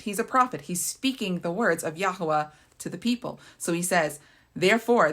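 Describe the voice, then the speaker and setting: A woman's voice: fairly low pitch, fairly bright tone. A woman leading a Bible study, reading scripture aloud and explaining it, often checking in with "right?". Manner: reads verses then explains them, often adds "right?".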